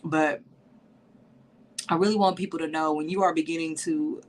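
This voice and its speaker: A woman's voice: low-pitched, fairly even intonation, moderate pace, long pauses. A woman hosting a podcast in a livestream, talking to women listeners with heartfelt emotion and tears, saying y'all often. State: teary, sniffling. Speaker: podcast host.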